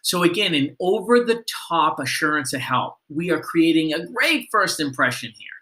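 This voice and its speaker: Guy teaching a sales training lesson, bright voice, pitched a bit high, coaching style. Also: lively intonation, moderate pace. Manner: coaching, asks the listener questions, models phone greetings.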